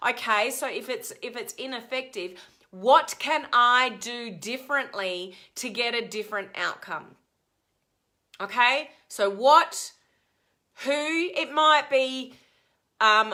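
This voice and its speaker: A woman giving a live motivational coaching talk to her viewers, energetic and emphatic, acting out the complaints she quotes. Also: sits high. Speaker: life coach.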